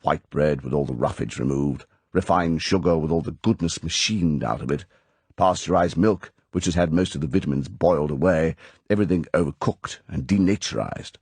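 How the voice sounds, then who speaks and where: A man's voice: very deep voice, moderate pace, a little mellow, slightly rough, no echo, heavily acted. A man voicing a stern older male spymaster who lectures in a clipped, commanding way, from an audiobook reading. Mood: lecturing.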